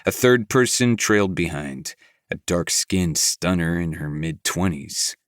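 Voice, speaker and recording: Deep-voiced male audiobook narrator. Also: lively intonation, a little slow, no echo, studio quality. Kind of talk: scripted narration.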